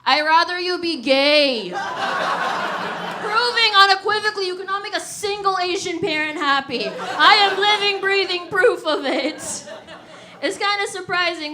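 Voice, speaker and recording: A young woman from the Washington D.C. area doing stand-up on a live stage. Her voice sits high and sounds bright and sharp. She works the crowd with animated, punchy delivery. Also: normal speed. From Washington D.C. / Virginia area, USA. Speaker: stand-up comedian. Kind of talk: stand-up comedy set. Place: live comedy venue.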